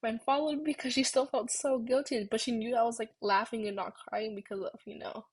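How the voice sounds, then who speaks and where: A young woman vlogger telling a story in a rambling, self-deprecating way, swearing casually, with a husky voice. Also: a little high, fairly even intonation, fairly quick, low-quality recording.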